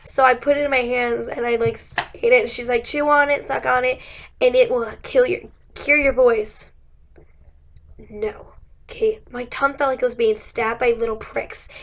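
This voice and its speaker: A woman's voice: a little high, fairly even intonation, moderate pace. A young woman, a college student, telling a chatty, giggly story about her day while losing her voice. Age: young adult. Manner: chatty, giggly, many likes and acted-out quotes. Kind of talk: casual storytelling chat. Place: indoors.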